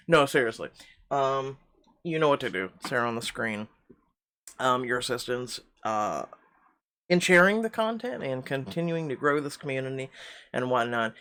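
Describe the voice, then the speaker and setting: A man's voice: medium pitch, vocal fry, fairly bright tone. A man who reads story games aloud and then talks casually, hesitant and full of fillers when off script. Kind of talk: story narration and casual outro chat.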